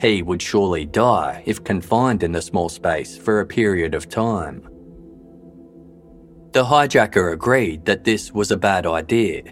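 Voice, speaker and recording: A man narrating a true-crime story in a measured, scripted way. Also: sits low, lively intonation. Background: faint background music.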